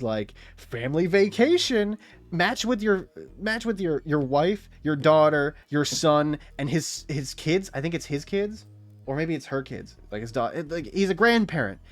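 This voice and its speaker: A young man streaming, rambling excitably in casual chat, jumping up in pitch when riled and often laughing, at times out of breath.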